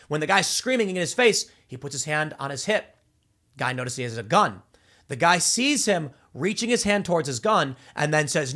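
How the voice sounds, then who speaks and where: A man in his thirties hosting casual political commentary, talking in an animated way, acting out voices and restarting his sentences often. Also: a little high, moderate pace. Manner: animated, acts out voices mid-story, frequent restarts.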